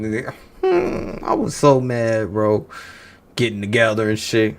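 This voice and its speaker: In a fairly low voice with big pitch swings, vocal fry and a moderate pace, a man chats casually with his livestream audience about movie news. He teases viewers, curses freely and leans on rhetorical banter.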